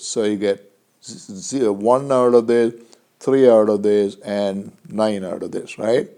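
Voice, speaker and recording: Guy teaching an engineering class, mellow dark voice, keeps asking right? as he goes. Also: medium pitch. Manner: explains step by step, often checks with "right?". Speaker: engineering lecturer. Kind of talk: recorded lecture.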